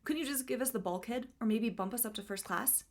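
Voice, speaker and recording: A woman's voice: fairly high pitch, fast, close to an everyday voice. A woman reading the lines of a smug, scheming husband in a sarcastic, mock-indignant tone.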